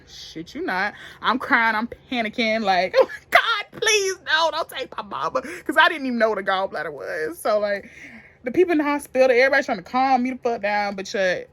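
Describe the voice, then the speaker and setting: A young woman telling a story to camera in a casual, profane, animated way, getting loud and then hushed. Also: mid-range voice. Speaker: beauty vlogger.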